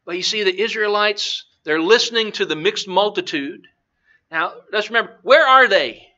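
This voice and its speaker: A male preacher teaches a Bible lesson in a chatty way, asking the audience questions and chuckling. His voice is very high and strikingly bright. The recording sounds dull and lo-fi. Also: expressive, moderate pace.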